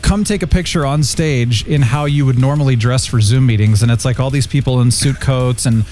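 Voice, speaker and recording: A man's voice: fairly quick, darkish tone, soft background music. Upbeat jokey male show host. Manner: upbeat, jokey, with big swings in pitch. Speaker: podcast host. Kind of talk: casual review chat.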